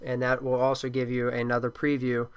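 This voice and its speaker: Man with a smooth, flat tutorial voice. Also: medium pitch, fairly quick. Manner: plain, steady instructional tone with occasional fillers. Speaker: teacher. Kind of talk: screen-recorded software tutorial. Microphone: computer microphone.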